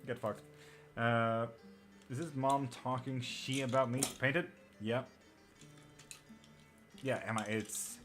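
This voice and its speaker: A man's voice: mid-range voice, steady tone, unhurried, pauses often, a bit bright, faint music behind. A man with an Irish-sounding accent and a slight twang, hosting a live tarot stream in casual chat, blunt and swearing freely as he answers viewers.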